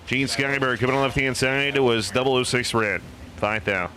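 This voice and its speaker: A man announcing a live drag race, calling lanes, reaction times and winners quickly and playfully. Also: medium pitch, a crowd in the background. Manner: fast, upbeat, joking between races. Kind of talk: live drag racing commentary. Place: outdoor drag strip.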